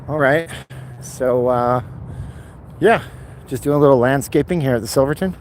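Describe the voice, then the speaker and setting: A man's voice: mid-range voice, normal speed. A man live-streaming a walking vlog outdoors along busy roads, chatting in a rambling way with sarcastic asides, on a handheld phone. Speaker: vlogger. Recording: outdoor street with traffic noise.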